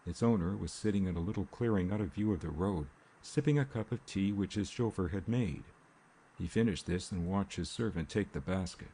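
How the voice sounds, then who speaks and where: Deep gravelly guy reading an audiobook, dark mellow tone, faint rain in the back. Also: fairly quick, a little hiss or hum. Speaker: audiobook narrator. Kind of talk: scripted narration. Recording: faint rain ambience behind.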